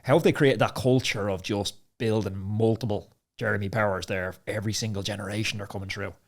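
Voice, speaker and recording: A man hosting a podcast, trading stories in a chatty, enthusiastic way with quick asides. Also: on the low side, steady tone, creaky. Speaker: podcast host, former racer. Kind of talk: casual chat.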